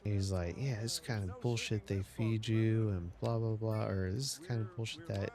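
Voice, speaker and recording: A man's voice: on the low side, fairly even intonation, moderate pace, a crowd in the background. A man streaming a city-building game, chatting casually and telling a rambling story with many restarts. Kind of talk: casual gameplay chat. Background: faint game music.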